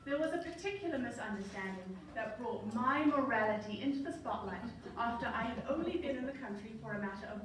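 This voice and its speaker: A woman's voice: on the high side, noisy background. Woman, 30s, Zimbabwean accent, stage storyteller, wry and playful, distant, very echoey hall. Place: large hall.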